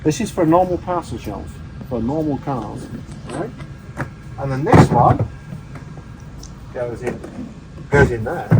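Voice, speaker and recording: A man's voice: fairly high pitch, noisy background. A man reviewing a car in a casual, joking way, rambling and laughing as he demonstrates features. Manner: jokey, rambling, laughs often.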